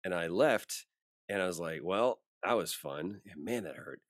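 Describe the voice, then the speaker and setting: A man's voice: low voice, expressive, normal speed, no room sound, clean studio sound. A male voice actor in an interview, telling a story casually and acting out the voices of the people in it. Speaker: voice actor guest.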